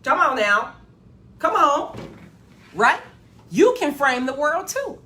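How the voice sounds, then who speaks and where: Woman, motivational live stream, lively swooping pitch, repeats phrases, loud then hushed. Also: slow pace. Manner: preachy call-and-response, repeats phrases; gets loud with excitement, then drops low. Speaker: motivational speaker.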